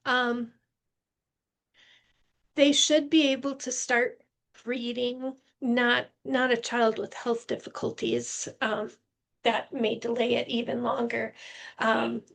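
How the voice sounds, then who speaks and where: An older woman, a retired teacher and grandmother, answering questions slowly and carefully in a casual panel talk, with frequent pauses and ums. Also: a little high, level tone, gravelly, fairly bright tone. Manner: slow, measured, with frequent ums.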